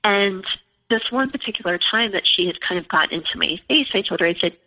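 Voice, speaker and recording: A woman's voice: mid-range voice, lively intonation, brisk. Woman, 40s, podcast guest; chatty storyteller, constant fillers; lo-fi, reverberant audio. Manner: chatty, fills speech with "like" and "you know". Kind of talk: personal storytelling in conversation. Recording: lo-fi with long reverb.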